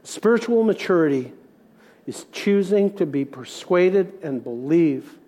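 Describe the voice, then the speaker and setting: Middle-aged pastor guy preaching, kinda high voice, punchy questions then goes quiet and soft. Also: lively intonation, unhurried. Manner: emphatic preaching with rhetorical questions, dropping soft for reflection. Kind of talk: sermon.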